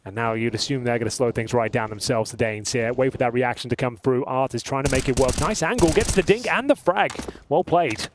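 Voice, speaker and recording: A man casting an esports match, with brisk, analytical play-by-play commentary. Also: mid-range voice, background noise. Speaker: esports caster.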